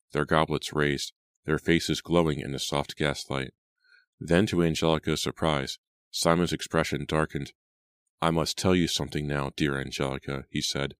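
A man narrating a horror audiobook in a measured storytelling manner. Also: rumbling low, clear, resonant tone, dry recording. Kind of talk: scripted narration. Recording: dry close studio sound.

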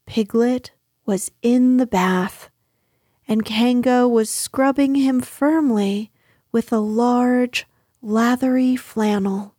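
A woman narrating a children's storybook in a gentle, unhurried manner. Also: a little high, breathy edge, no room sound, clean studio sound. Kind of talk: storybook reading.

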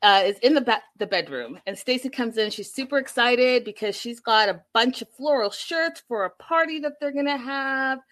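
Chatty lady in her 30s recapping a show for her viewers, talks right at them, voice kinda bright and punchy. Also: a little high, moderate pace, few pauses. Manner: animated, talks straight to viewers.

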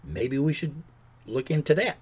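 A man's voice: a little high, animated, measured pace, a little mellow, breathy edge. A man hosting a podcast, giving an indignant, sarcastic political rant. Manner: indignant, sarcastic, mocks politicians in put-on voices. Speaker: podcast host.

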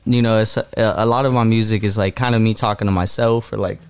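A man's voice: fairly low pitch, fairly even intonation, fast talker, clean tone. A man who is a guest musician, reflecting on his songs in a casual way with many fillers. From Dallas. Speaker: guest artist. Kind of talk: casual podcast chat.

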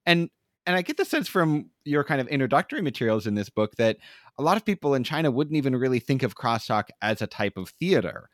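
A man of middle pitch hosts an interview about theater. He asks long, thoughtful questions full of hedges, and his voice sounds dry and close to the mic. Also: sing-song, fast talker, a bit bright, no echo. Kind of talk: conversational interview.

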